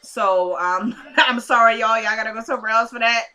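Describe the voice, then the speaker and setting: A woman's voice: on the high side, moderate pace, pushed and bright. A woman casually recapping a TV episode in a chatty way, with sassy asides, retelling scenes through quoted dialogue.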